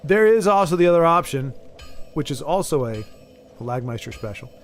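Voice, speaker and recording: A man's voice: a little high, lively intonation, fairly quick, soft background music. A man streaming a game, chatting casually with his viewers and often stammering and restarting his sentences. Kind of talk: casual live-stream chat while gaming.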